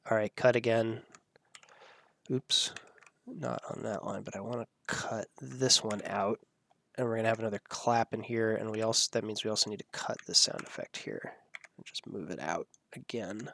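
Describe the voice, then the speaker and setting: A man's voice: on the low side, moderate pace, gravelly, bright, forceful tone. A man hosting a live audio editing tutorial, thinking aloud as he works and laughing at the clips. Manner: musing, thinking aloud while working. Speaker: host.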